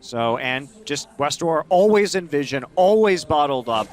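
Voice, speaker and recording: A man's voice: fairly high pitch, animated, a little slow. Man giving analytical esports color commentary. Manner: analytical, explains strategy.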